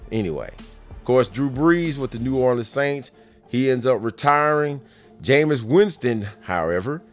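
A man giving casual sports commentary, running through news in an offhand way with jokey asides. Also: medium pitch.

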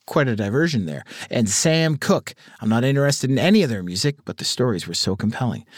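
A man's voice: mid-range voice, expressive, brisk, few pauses, no echo. A man hosting a podcast, casually reading listener texts aloud with dry, swearing asides. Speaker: podcast host. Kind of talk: casual listener-mail segment.

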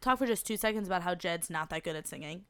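A woman's voice: on the low side, expressive, fast, fairly bright tone, smooth. A woman joining a casual podcast chat, teasing and laughing.

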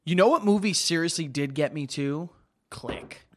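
A man in casual podcast chat, telling animated stories and swearing freely. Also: on the high side, normal speed.

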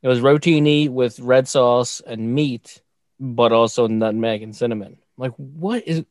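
A man's voice: medium pitch, measured pace, a little mellow, no echo, studio quality. Joking middle-aged man on a podcast. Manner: rambling storyteller, jokey. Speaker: podcast co-host. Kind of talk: casual podcast chat.

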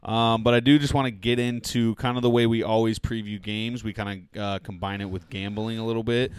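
A man's voice: on the low side, little pitch movement, fairly quick, hardly any pauses, smooth. A man hosting a casual sports podcast, upbeat and joking as he leads the segments. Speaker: podcast host.

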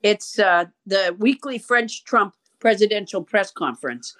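A woman's voice: mid-range voice, animated, a little slow, a bit bright. An older woman hosting a podcast, chatting in a wry, rambling, self-deprecating way. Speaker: podcast host. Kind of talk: casual chat.

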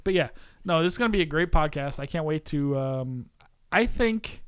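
Slightly high, dry-sounding man chatting. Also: animated, moderate pace, clear, resonant tone, no room sound. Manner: rambling, laughs often, swears casually. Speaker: podcast host. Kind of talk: casual chat.

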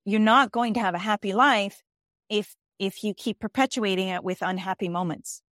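A woman's voice: mid-range voice, steady tone, moderate pace, a bit bright, no room sound. Emphatic woman life coach, dry sound. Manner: emphatic, repeats key phrases, restarts often. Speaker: executive life coach and author. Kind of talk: interview guest explaining ideas.

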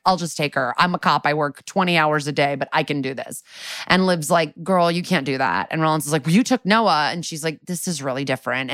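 A woman's voice: low voice, a bit bright, no echo, clean studio sound. A woman co-hosting a podcast, casually recapping a TV episode in a chatty way, laughing often, swearing, and quoting characters in her own voice. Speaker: podcast co-host.

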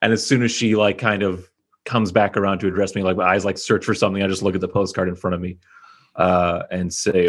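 A man's voice: low-pitched, flat delivery, quick pace. A man playing in a tabletop game, describing his character's actions with hesitant, amused talk. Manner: laughing, hesitant. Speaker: player.

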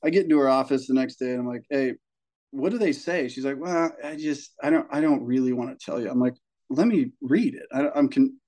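A young man chats casually, like he's on a podcast, about coaching high school baseball. He speaks at an ordinary middle pitch. His delivery is animated and a bit profane, and he bounces into higher voices to act out quoted parents and colleagues. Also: brisk. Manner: animated storyteller, swears, acts out quoted people.

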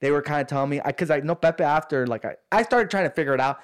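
Rapid-fire and smooth, with a pitch on the high side, a man rambles through a long story for his friends. It's casual, slang-heavy talk in which he voices the things others said.

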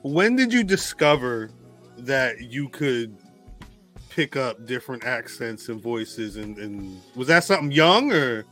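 Male podcast co-host, geeky talker, bright tense tone, faint music behind. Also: mid-range voice, very animated, unhurried. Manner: geeky, chatty, laughs often. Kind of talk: casual chat.

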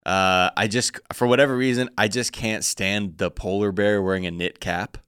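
A man with a fairly low voice chats on a comedy podcast. He is blunt and quick to swear, and he laughs often. The sound is dry and close. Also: fairly even intonation, a bit bright, smooth, dry recording. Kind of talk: casual comedic chat.

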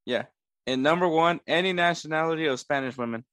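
A man's voice: a little high, fairly quick, clean tone, dry recording, studio quality. A young man co-hosting a casual podcast chat, joking around and laughing often. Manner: laughs often, jokey and animated. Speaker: podcast co-host.

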